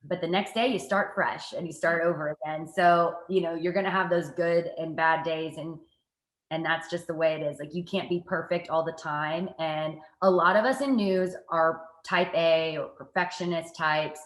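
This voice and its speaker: A woman, a TV reporter, telling stories from her work in a casual interview, lively and self-mocking. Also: low voice, normal speed, echoey room. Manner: lively, animated storytelling with self-mocking asides. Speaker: guest, TV reporter and anchor.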